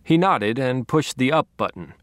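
Wry, deadpan male audiobook narrator. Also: medium pitch, normal speed, no room sound, clean studio sound. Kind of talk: first-person audiobook narration.

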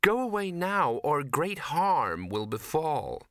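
A man voicing an entranced young woman who speaks slowly, sweetly and distantly. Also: on the high side, very animated, bright, forceful tone, no echo, clean studio sound, pitched above the performer's own voice, full character voice. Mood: eerie.

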